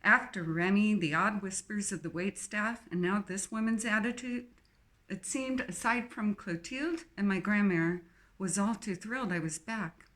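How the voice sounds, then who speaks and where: A woman reading a novel aloud in first person, expressive and lightly wry. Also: medium pitch, normal speed. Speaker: audiobook narrator. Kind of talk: scripted first-person narration.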